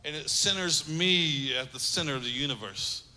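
A man's voice: a little high, normal speed, sharp tone. A man preaching a sermon as pastor, emphatic, repeating phrases and acting out little quotes. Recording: long hall reverb.

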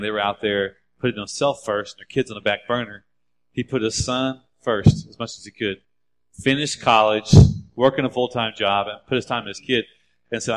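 A man's voice: medium pitch, a bit bright. Man, pastor, sermon, earnest, exhorting, repeats for emphasis.

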